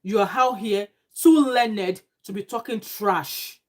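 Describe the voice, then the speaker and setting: A woman's voice: mid-range voice, takes it slowly. A Nigerian woman vlogger giving emphatic, indignant casual commentary with pidgin phrases. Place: home abroad.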